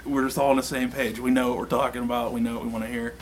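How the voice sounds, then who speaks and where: A man's voice: mid-range voice, little pitch movement, very fast, slight background noise. A man in a band, chatting casually in an interview, rambling and chuckling as he goes. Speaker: band member.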